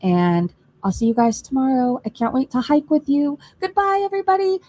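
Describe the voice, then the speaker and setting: A woman's voice: a little high, lively intonation, normal speed, warm tone. A woman hosting a casual reaction livestream, chatting gossipy and direct to her viewers from her computer mic. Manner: chatty, gossipy, talks straight to chat.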